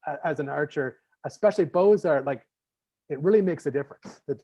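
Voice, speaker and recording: A man's voice: a little high, fairly quick, mellow, slightly rough. A man from Canada hosting a podcast interview in casual chat, rambling with many fillers and restarts. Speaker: podcast host. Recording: slightly muffled lo-fi audio.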